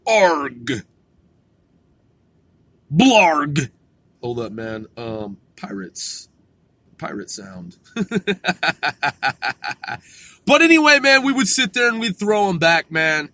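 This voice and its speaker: A man's voice: a little high, very animated, unhurried, sharp tone, no echo. A man hosting a podcast in a casual, rambling monologue, laid-back and profane, chuckling often. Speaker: podcast host.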